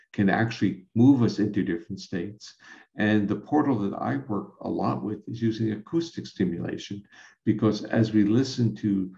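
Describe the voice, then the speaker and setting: Gravelly, low-voiced scientist explaining. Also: male voice, a little mellow. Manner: measured, lecturing, with frequent restarts. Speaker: scientist guest. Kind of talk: explanatory conversation. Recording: roomy, dull lo-fi sound.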